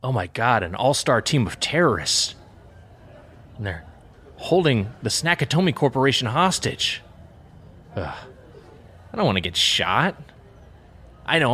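A man's voice: mid-range voice, very animated, measured pace, pauses often, pushed and bright, slightly rough, heavily acted. An actor playing a hapless man who talks to himself while hiding from terrorists in a comedy audio play. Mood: bumbling. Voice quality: bumbling, self-talking. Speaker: hero of the parody.

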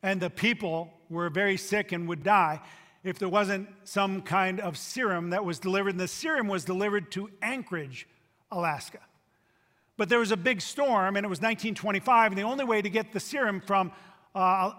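A man preaching a sermon as a pastor, emphatic, swinging between loud and hushed. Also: sits high, moderate pace. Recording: long reverb of a large hall.

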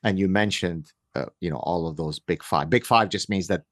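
A man's voice: deep voice, normal speed, no echo, studio quality. Wry middle-aged man guesting on a podcast. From Canada. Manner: discursive, frequent restarts, wry humor. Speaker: guest author. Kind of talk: conversational interview.

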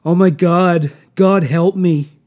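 A man's voice: a little high, takes it slowly, warm tone. A man voicing a terrified young woman held captive, panicked and pleading in a horror story.

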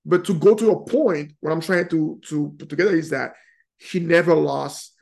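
A man's voice: a little high, normal speed, creaky, darkish tone. A man co-hosting a podcast, building an argument with a sports example while searching for his words. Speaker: podcast co-host. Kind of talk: casual podcast discussion.

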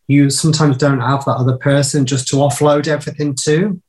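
A man's voice: on the high side, steady tone, fairly quick, darkish tone, low-quality recording. A man hosting a parenting podcast, talking candidly and chattily about family life, with small restarts. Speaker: podcast host. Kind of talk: casual podcast chat.

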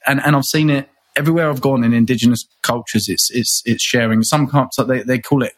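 Guest, male, from England. Husky, rambling, full of restarts. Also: mid-range voice, fairly even intonation, fairly quick. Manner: rambling, with many restarts and repeated words. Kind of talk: conversational interview.

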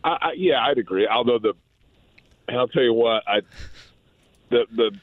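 A man's voice: medium pitch, normal speed, no room sound. A chatty man rambles as a guest on a radio show and keeps restarting his sentences. He comes through a tinny phone line that sounds dry and boxed in. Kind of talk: casual radio chat.

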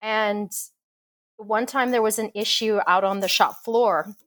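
A woman engineer guest on a podcast interview, talking in a passionate, expressive way and laughing often. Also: mid-range voice, unhurried, no room sound. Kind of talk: casual interview conversation.

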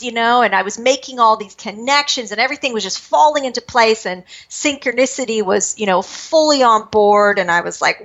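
A woman from British Columbia, Canada, a spiritual medium, telling her life story in an interview, quick-moving and acting out her own past thoughts. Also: on the high side, animated, gravelly, a bit bright. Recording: dull lo-fi recording.

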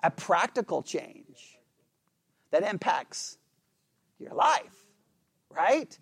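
Animated high-voiced man preaching. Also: extremely slow, breathy edge, no echo. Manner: animated, rhetorical questions, acts out churchgoers. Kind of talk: sermon.

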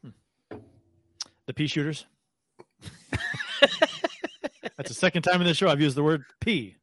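A man's voice: a little high, unhurried, fairly bright tone, no echo. A man co-hosting a casual podcast, teasing his co-hosts with plenty of restarts. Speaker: podcast co-host. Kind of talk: casual chat.

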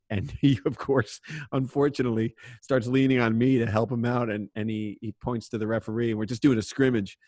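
A man co-hosting a podcast, chatting casually and telling animated stories about his playing days with plenty of swearing. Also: on the low side, dry recording, clean studio sound. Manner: animated, swears freely, acts out quotes loudly. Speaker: podcast co-host, former player. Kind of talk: casual chat, storytelling.

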